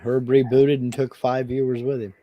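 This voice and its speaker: A man's voice: mid-range voice, little pitch movement, moderate pace, dull audio. A man co-hosting a live stream, chatting in a dry, laid-back way and reading viewer comments aloud. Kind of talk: casual live stream chat.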